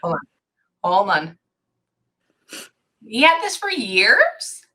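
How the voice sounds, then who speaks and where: A woman's voice: a little high, big pitch swings, takes it slowly, sharp tone. A woman giving a psychic reading to a client, thinking aloud and stopping herself with "hang on" over and over. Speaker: psychic medium.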